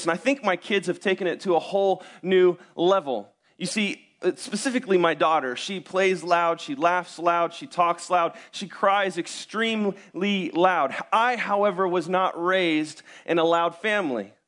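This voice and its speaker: A young man with a notably high-pitched voice delivers a sermon as a pastor. He talks in a conversational, self-deprecating way, asking the congregation rhetorical questions between personal stories. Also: measured pace, fairly bright tone.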